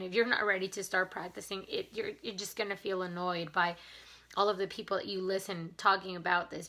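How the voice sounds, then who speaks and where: A woman who is not from Canada vlogs in a casual, earnest chat to camera, grateful and a little emotional, with enthusiasm for mindset and gratitude. Her voice is medium-pitched with a sharp tone.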